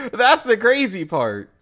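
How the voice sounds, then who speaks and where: A young man streamer tells a story in a loose, animated way, laughing as he goes. His voice is high and bright, and his pitch swings widely. He keeps it casual and lively throughout. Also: slow.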